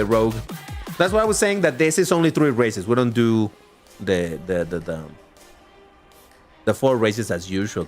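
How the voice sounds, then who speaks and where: Lively, chatty man with light Mexican accent. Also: medium pitch. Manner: chatty, excitable, quick to laugh. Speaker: livestreaming racing gamer. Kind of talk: casual live commentary while gaming.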